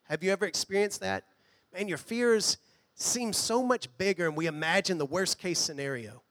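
A man preaching a sermon in a church, earnest, sometimes dropping to a hush. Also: high voice, moderate pace. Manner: earnest preaching, drops to a hush on quoted lines. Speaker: pastor. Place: church hall.

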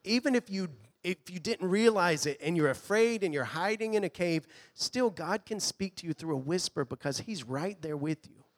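A man preaching a sermon in a church, earnest, sometimes dropping to a hush. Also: high-pitched, animated, normal speed. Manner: earnest preaching, drops to a hush on quoted lines. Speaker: pastor. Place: church hall.

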